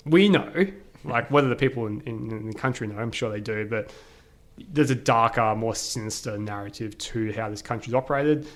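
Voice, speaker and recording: An Australian man, a podcast guest, telling a travel story in a casual, animated way, full of "like" and quick quoted voices. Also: medium pitch.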